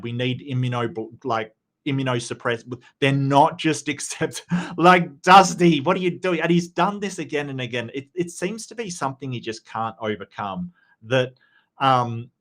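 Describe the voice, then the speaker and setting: A man in a casual live-stream chat, speaking at an ordinary mid pitch. He is blunt and jokey, swears now and then, and stops to read out viewer messages. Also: fairly bright tone. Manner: blunt, joking, profane, reads out chat. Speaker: livestream debate host.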